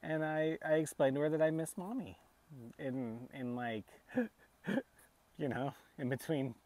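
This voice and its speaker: Brief: man, 30s, vlogger and dad, slow halting grief talk, mid pitch. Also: steady tone, dry recording. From United States. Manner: soft, halting, tearful speech with many restarts. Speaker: vlogger and father. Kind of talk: emotional personal vlog.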